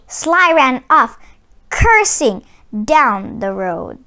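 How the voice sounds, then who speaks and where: Slow, bright-voiced woman reading a storybook. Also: high-pitched, very animated. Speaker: children's book reader. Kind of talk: read-aloud storytelling for kids.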